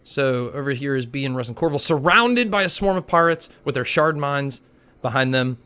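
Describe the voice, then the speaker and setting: A man's voice: medium pitch, animated, normal speed, bright, forceful tone, smooth. A man narrating a tabletop game as game master, in loose, chatty narration full of filler words.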